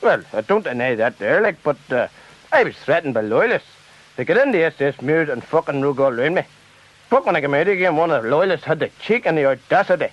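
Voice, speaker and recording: A man's voice: fairly high pitch, sing-song, fairly quick. An actor with a Northern Irish accent playing a shifty male politician who blusters sheepish excuses. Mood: defensive. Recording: dull lo-fi sound from further off.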